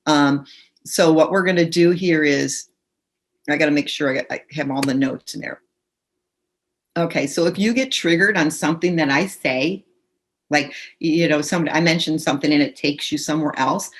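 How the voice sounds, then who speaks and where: Speaking at normal speed in a deep voice, a woman runs a group tapping session on a video call via computer mic. She gives instructions and offers phrases for participants to repeat out loud.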